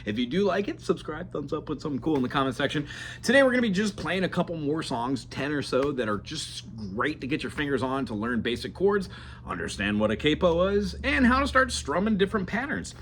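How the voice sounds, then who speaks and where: A man with a fairly high, very animated voice talks fairly quickly over a slight hiss or hum, giving a chatty, digressive beginner acoustic guitar lesson. He breaks into bits of songs as he plays, and the guitar comes through loudly beneath his voice.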